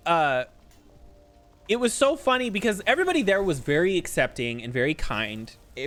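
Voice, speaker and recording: A male streamer chats loosely while he plays, telling a story with lots of "um" and "like" and laughing often. His voice sits a bit high for a man and swings widely in pitch as he talks. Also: fairly bright tone. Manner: chatty storyteller, many fillers and frequent laughs. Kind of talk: casual chat while playing a game.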